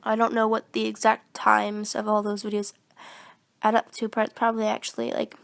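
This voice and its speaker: A sick fourteen-year-old girl rambles casually into her phone about recording voice-acting videos, meandering and putting herself down along the way. Her mid-range voice is monotone with vocal fry and runs a little fast.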